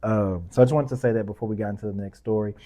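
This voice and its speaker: A man's voice: on the low side, fairly even intonation, rapid-fire, warm tone. Passionate man hosting a news commentary show. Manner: passionate, rising emphasis, casual asides. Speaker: podcast host.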